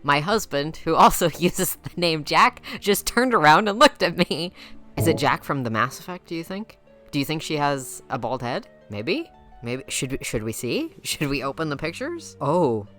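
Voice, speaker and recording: A woman with a low voice runs a teasing, mock-dramatic commentary, laughing often as she passes judgment. She speaks into a home mic with faint music underneath. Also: very animated, normal speed, a bit bright. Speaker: YouTuber judging viewers' game characters. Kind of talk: playful commentary.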